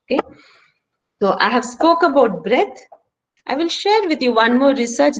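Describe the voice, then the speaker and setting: An earnest woman with an Indian English accent delivers an online workshop lecture on managing stress, speaking remotely from home. Her voice is mid-range, the audio quality is poor, and she stresses her points with emphatic rhetorical questions.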